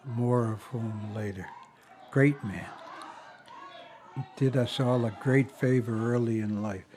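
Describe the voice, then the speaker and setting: A man's voice: medium pitch, steady tone, takes it slowly, a little mellow, slight background noise. An older man tells family stories in a rambling way, chuckling often and stopping to restart. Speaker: family member sharing memories. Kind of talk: casual storytelling.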